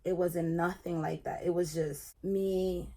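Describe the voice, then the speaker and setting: A young woman in a casual get-ready-with-me vlog, talking in a chatty, animated way while she does her makeup. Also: fairly low pitch, unhurried. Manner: chatty and animated, retelling her own experience. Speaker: beauty vlogger.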